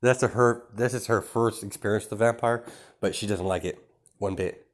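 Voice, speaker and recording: Rambling lower-voiced man telling a story. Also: steady tone, normal speed. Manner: rambling, many fillers, chuckles often. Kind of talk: casual improvised storytelling.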